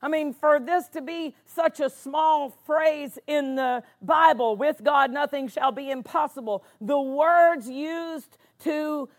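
A woman's voice: high-pitched, slow pace, hardly any pauses. A woman pastor preaching a sermon, driving points home by repeating words for emphasis.

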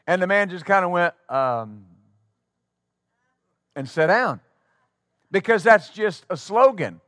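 A male pastor preaching a sermon to his congregation in a church, talking conversationally and then breaking into loud exclamations. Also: high-pitched, lively intonation, takes it slowly, dry recording, studio quality. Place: church sanctuary before a congregation.

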